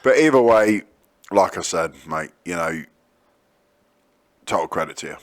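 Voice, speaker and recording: A man co-hosting a podcast, chatting and telling stories in an animated way, laughing and swearing freely. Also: low-pitched, a little slow. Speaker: podcast co-host. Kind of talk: casual banter and storytelling.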